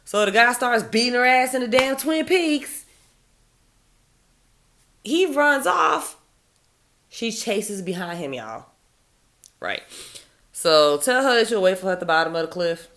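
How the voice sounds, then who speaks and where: A woman's voice: a little high, animated, unhurried, long pauses, a bit bright. A woman giving dating advice in a blunt, profane, sardonic monologue. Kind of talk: casual opinionated monologue.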